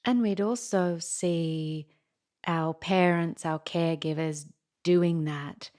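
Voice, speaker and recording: A woman's voice: fairly low pitch, fairly even intonation, slow pace, darkish tone. A woman hosting a podcast interview, chatting casually and sharing her own anecdotes with her guest. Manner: chatty, shares personal anecdotes. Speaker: podcast host.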